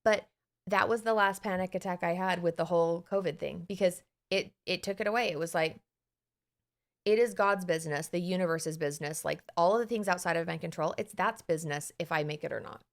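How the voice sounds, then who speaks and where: Telling a personal story on the podcast she co-hosts as an anxiety coach, a woman with a lowish voice talks fairly quickly. She laughs and animatedly voices her inner thoughts in a casual style.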